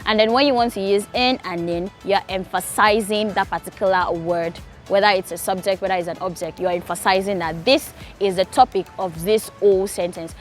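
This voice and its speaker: A young woman from Nigeria teaching Korean grammar in a casual, patient way, repeating key points slowly. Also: medium pitch, faint music behind. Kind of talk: casual explanatory lesson.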